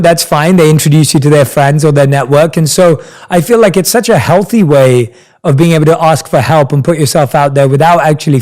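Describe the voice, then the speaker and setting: Give me an enthusiastic male interviewer with a slightly high voice. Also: a little mellow. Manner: enthusiastic, reflective questioning. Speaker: interview host. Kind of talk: conversational interview.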